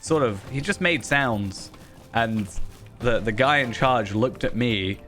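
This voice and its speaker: A man's voice: mid-range voice, slow, sharp tone. A man chatting in a rambling, self-deprecating way while streaming a game. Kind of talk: casual gaming commentary. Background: faint game music.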